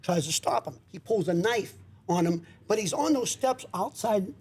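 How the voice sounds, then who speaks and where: A man, a guest comedian, telling an animated story in a studio chat, repeating himself and restarting as he goes. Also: high-pitched, moderate pace.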